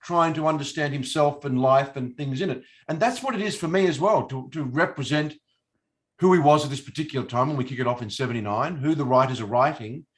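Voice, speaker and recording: A man's voice: medium pitch, brisk. A middle-aged man, an actor being interviewed, talking casually in a rambling, hesitant way with many fillers and restarts. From Australia. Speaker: actor guest.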